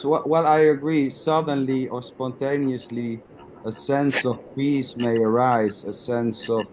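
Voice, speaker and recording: A man's voice: medium pitch, a little mellow, a little hiss or hum, low-quality recording. Patient man leading a spiritual talk. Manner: patient, reasoning, stumbles on first words. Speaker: nondual teacher. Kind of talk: spiritual dialogue. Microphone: video call.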